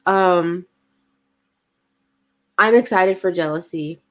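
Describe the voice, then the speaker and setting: A woman's voice: fairly low pitch, takes it slowly. A woman, co-hosting a casual livestream, chatty and giggly as she reads comments aloud. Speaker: podcast co-host reading live chat.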